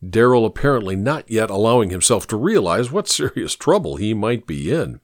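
A man reads an audiobook aloud with a deliberate storytelling delivery and a lively, wide-ranging pitch. The audio is close-miked and completely dry, with no trace of the room.

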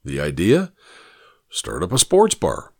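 This male audiobook narrator has a gravelly voice that moves freely up and down as he tells the story in a steady, measured way. The recording sounds close and dry, without any room ambience.

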